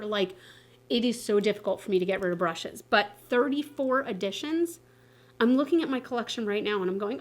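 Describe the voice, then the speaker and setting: A woman in her thirties chats to her viewers as a beauty vlogger, her voice sitting a little high. She talks in a loose, animated way, full of casual fillers and playful asides. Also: brisk. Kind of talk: casual chat to camera.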